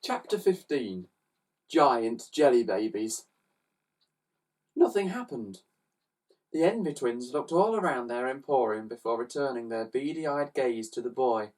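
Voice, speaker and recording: A man reading a children's story aloud with expressive, animated narration, recorded on a slightly distant mic. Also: mid-range voice, a little slow. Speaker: storybook reader.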